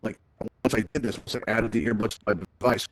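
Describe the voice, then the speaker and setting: The VR tech presenter talks fast through his headset mic in a fairly low, fairly bright voice with a flat delivery. He keeps it chatty, tacking "right?" onto many sentences during the live presentation.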